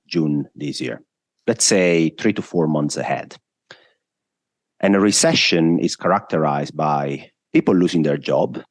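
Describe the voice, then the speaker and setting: Deep-voiced man explaining markets. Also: no room sound, studio quality. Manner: emphatic, explains step by step with lists. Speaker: guest macro analyst. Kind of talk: explanatory interview answers.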